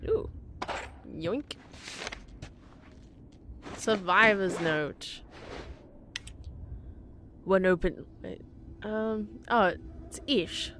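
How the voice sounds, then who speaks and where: A woman's voice: mid-range voice, drawn-out words, pauses often, noisy background. A woman giving casual let's-play commentary, chatty and giggly, talking to the game characters as she plays. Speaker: gameplay commentator.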